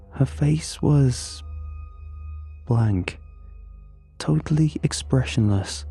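Slow, dark-voiced man narrating horror. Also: lowish voice, gravelly, husky. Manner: measured, uneasy, with drawn-out pauses. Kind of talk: first-person horror story narration.

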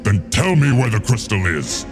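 A man voicing a huge menacing winged bone dragon, threatening and slow, over background music. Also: on the low side, big pitch swings. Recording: music playing behind.

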